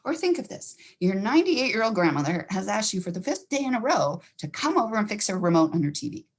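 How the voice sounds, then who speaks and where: A woman counselor giving a fast-paced educational talk, acting out inner thoughts as she goes. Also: mid-range voice, husky. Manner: fast-talking, animated, acts out inner thoughts.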